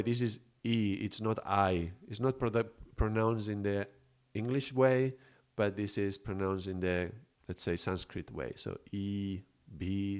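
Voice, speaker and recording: Low-voiced man teaching in a meandering way. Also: clean tone. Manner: explanatory, searching for words, checks in with "yeah?". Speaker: Kundalini yoga teacher. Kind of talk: live spiritual teaching talk.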